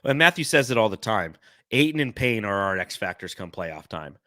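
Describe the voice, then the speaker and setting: Excitable man co-hosting a sports podcast. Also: fairly low pitch, normal speed, no echo, studio quality. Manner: excitable, laughs often, reads fan comments aloud. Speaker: podcast co-host. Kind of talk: casual sports chat.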